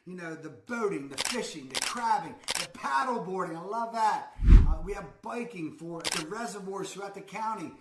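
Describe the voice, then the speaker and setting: A man's voice: sits high, animated, normal speed. Hyped Baltimore-accented man, echoey room. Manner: upbeat, hyped, shouts out exclamations. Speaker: real estate vlogger. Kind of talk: enthusiastic local promo vlog. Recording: echoey room with loud background noise.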